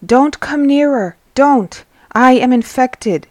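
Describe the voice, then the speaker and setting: A woman voicing a desperate, diseased grown man who begs loudly for mercy in a dramatized religious reading. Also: mid-range voice, steady tone, a little slow, no room sound, close to an everyday voice. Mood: frantic. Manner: pleading, crying out loudly.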